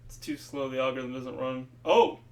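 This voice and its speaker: Man, talking to himself while coding, exasperated, mid pitch, distant mic, faint background noise. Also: fairly even intonation, normal speed, darkish tone. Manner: muttering to himself, exasperated, swears casually. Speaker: streamer coding on camera. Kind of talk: thinking aloud while coding.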